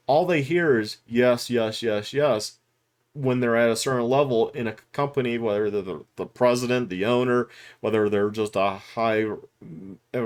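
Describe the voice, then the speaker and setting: A middle-aged man giving candid, rambling commentary to the camera, with restarts and chuckles along the way. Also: medium pitch. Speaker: YouTube commentator. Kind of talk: unscripted talking-head commentary.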